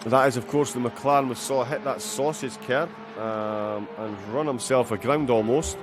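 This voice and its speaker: A man with a Scottish accent giving live commentary on a sim race, with many fillers and bursts of excitement at incidents. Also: medium pitch, moderate pace, music in the background.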